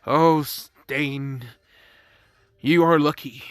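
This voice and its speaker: A man's voice: a little high, steady tone, drawn-out words, a bit bright, clean tone, dry recording. A man voicing a grown male hero who speaks a grave warning within a fan-made story. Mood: solemn.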